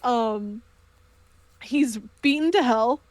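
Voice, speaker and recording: A woman's voice: fairly high pitch, very slow, dry recording. A woman chatting casually on a livestream, emotional and rambling with lots of fillers. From United States. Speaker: co-host.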